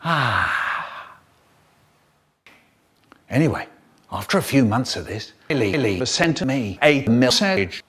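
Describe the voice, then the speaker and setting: Slow, lively man telling absurd stories. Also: mid-range voice. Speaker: comedy voiceover narrator. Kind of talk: absurd comic storytelling.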